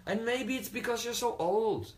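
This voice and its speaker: A man's voice: very high-pitched, moderate pace, voice pushed up. A man voicing an irritable, proud king who gives sarcastic orders. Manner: sarcastic, commanding.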